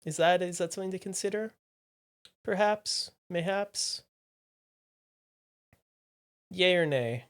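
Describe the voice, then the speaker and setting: A streamer chatting live with viewers in a playful, teasing way. The voice sits in a middle range and keeps swinging from low mumbled asides to sudden loud exclamations. Phrases get repeated as quick remarks to chat. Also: lively intonation, smooth. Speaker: livestreamer.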